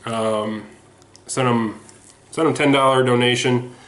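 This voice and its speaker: A man's voice: mid-range voice, fairly even intonation, a little slow, a bit bright. Sweaty, rambling man in an echoey room. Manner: rambling and self-deprecating, with frequent ums and restarts. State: sweaty and slightly hoarse throat. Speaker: sports autograph collector showing his mail returns. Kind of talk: casual home video chat. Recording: echoey room with faint noise.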